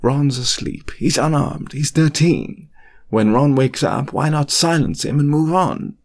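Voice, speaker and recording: A man's voice: on the high side, unhurried, voice pushed up. A man voicing an earnest, desperate grown wizard in an audiobook reading, speaking with urgent, pleading questions. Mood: anguished.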